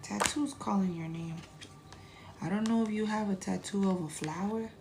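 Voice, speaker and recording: Gravelly, chatty woman reading tarot. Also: mid-range voice, moderate pace, noisy background. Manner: chatty, blunt, swears, drifts into whispers. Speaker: tarot reader.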